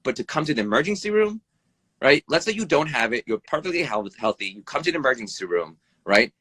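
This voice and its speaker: A man who is an emergency room doctor rattles off blunt advice at speed, with a bright, slightly husky voice. He swears freely and keeps asking "right?", and his pitch swings up and down. The sound is dry and close, like a phone on a live video call. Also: fast, no echo. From United States. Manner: animated, pitch jumps up and down. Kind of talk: interview over a live video stream. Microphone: phone or video call mic.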